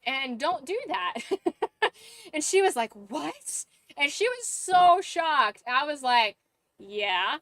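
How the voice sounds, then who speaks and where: A woman's voice: high voice, big pitch swings, slow pace, a bit bright, dry recording. A young woman streamer telling a story in casual chat, laughing often and swearing now and then.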